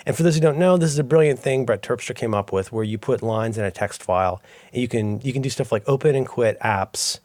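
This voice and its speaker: A man's voice: mid-range voice, fairly quick, no room sound. A man co-hosting a podcast in casual chat, rambling and cutting himself off as he tells stories. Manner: rambling, self-interrupting, animated storytelling. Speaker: podcast co-host.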